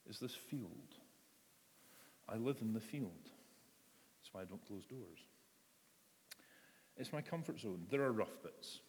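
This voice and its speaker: Man preaching in an echoing church. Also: lowish voice. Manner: conversational, acts out voices in quotes. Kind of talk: sermon. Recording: long reverb of a large hall.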